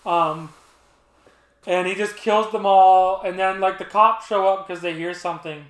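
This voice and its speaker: A man with a high voice talks casually about a film he watched, retelling its scenes in an animated way. The room is echoey around him. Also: measured pace. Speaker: podcast co-host. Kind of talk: casual movie chat.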